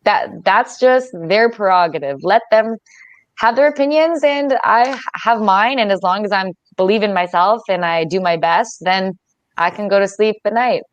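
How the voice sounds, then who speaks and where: A woman's voice: medium pitch, animated, normal speed, dry recording, lo-fi sound. Chatty young woman, dry close sound. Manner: laughs often, chatty and candid. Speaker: wrestler guest. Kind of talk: casual interview chat.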